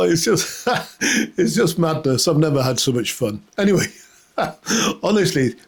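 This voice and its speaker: Sarcastic man, fairly high voice. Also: a little mellow, husky. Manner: sarcastic, mock-outraged, breaks into laughter. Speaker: comedy host. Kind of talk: satirical comedy monologue.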